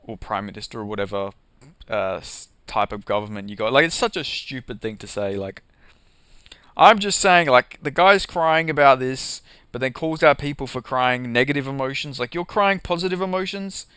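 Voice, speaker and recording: A man's voice: medium pitch, expressive, moderate pace, sharp tone, clean tone, no echo. A young man doing a casual, profanity-heavy rant about MMA, heated and sarcastic, with lots of "like" and "you know". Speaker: MMA commentary vlogger.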